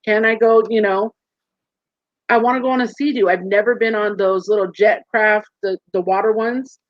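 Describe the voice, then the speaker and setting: A woman in her forties, a guest in a casual interview, telling stories with lively acted-out quotes over a video call. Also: medium pitch, moderate pace, no room sound. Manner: animated storyteller, acts out quoted voices. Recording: muffled dry call audio.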